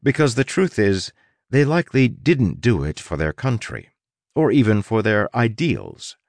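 A man narrating an audiobook in a wry manner, with dramatic pauses and stretched emphasis. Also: on the low side, huge pitch swings, dry recording. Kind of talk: scripted narration.

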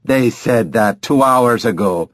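A man's voice: medium pitch, slow pace, dry recording, clean studio sound. A man voicing a curt, impatient, frustrated male filmmaker.

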